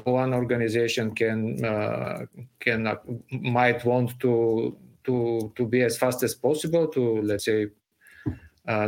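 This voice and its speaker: A man answering interview questions in a conversational way, pausing often with fillers and restarts. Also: medium pitch. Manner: hesitant, many fillers and restarts. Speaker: interview guest, startup founder.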